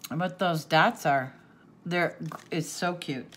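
Off camera, a woman who runs a crafting channel opens gifts for her audience, speaking slowly in a fairly low yet bright-toned voice. She sniffles through tears, gasping and laughing happily, against slight background noise.

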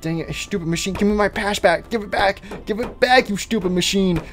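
A man's voice: high-pitched, a little fast, fairly bright tone. A man mumbling hesitantly through a game roleplay, full of ums and restarts. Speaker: roleplay youtuber playing the boy hero.

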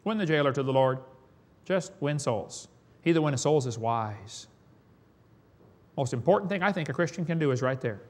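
Preacher guy, kinda high voice, folksy sermon, laughs at his own stories. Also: expressive, moderate pace, pauses often. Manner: folksy storytelling with chuckles.

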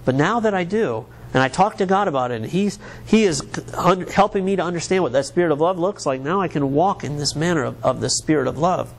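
A man's voice: on the high side, lively intonation, fairly quick, gravelly, hardly any pauses. A man from the United States, a pastor preaching a sermon in an earnest, conversational way, often restarting his words.

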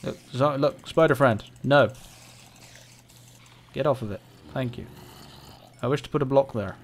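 A man narrating his gameplay in an unhurried, drawn-out way, talking to the monsters on screen as if they were friends. He giggles often and lets out sudden high yelps when things go wrong. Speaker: gameplay commentator. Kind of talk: casual let's-play commentary.

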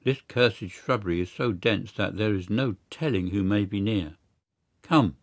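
A man's voice: on the low side, unhurried, no room sound, studio quality. A man voicing a wary male conspirator who growls his warnings. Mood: growling warning.

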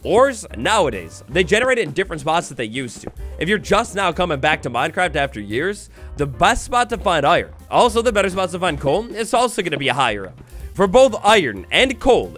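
A man narrates his gameplay in a bright, high, very animated voice, sliding from squeals to mock-grumpy lows. His commentary is upbeat and jokey, full of playful theatrics. Faint music sits quietly behind him. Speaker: Minecraft let's play host.

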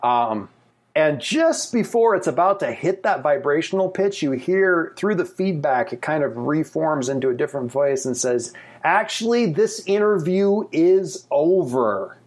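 A man running a tabletop game as game master, animated and thinking aloud with many fillers. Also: on the high side, moderate pace.

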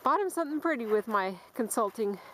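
A woman's voice: a little high, brisk, rough recording. A woman narrating her hike on camera, chatty and calling out to her dogs, recorded outdoors on a trail with a handheld camera mic. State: panting. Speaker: vlogger filming a hike. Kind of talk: casual hiking vlog narration. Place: outdoors on a forest and dune trail. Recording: outdoor camcorder audio with steady background noise.

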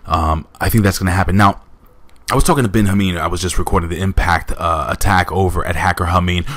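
A man's voice: low-pitched, fast, fairly bright tone. A man reviewing a wrestling show in a casual recap, rambling with lots of fillers and asides to his viewers.

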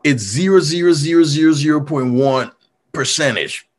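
A man's voice: fairly high pitch, normal speed. A middle-aged man from Liberia with a Liberian accent gives an earnest, motivational storytelling talk. He sometimes repeats words to press a point. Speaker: mayor giving a talk.

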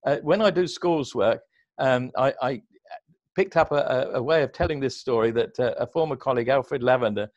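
A man's voice: mid-range voice, moderate pace, darkish tone, no room sound, highs cut off. A man leading an online service, retelling a Bible story in conversation and acting out the characters' words. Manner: storytelling, acts out characters' lines with raised voice.

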